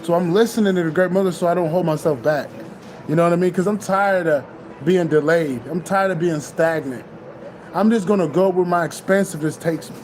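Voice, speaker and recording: High-voiced man giving a profane pep talk. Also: darkish tone, slight background noise. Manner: loose, profane, repeats himself. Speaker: spiritual vlogger. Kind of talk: casual spiritual pep talk.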